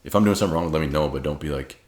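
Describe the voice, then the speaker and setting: A man's voice: extremely low pitch, racing, darkish tone. A man hosting a casual podcast chat, laid-back and rambling, often leaning on "like". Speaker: podcast host.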